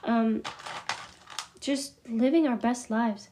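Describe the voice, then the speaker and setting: A middle-aged woman hosts a relaxed spiritual class and holds up crystals as she talks. Her voice sits a little high. She rambles, laughs easily and mutters asides to herself. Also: slow pace, background noise. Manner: chatty, scattered, laughs often, drops into asides. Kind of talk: casual live class, showing crystals.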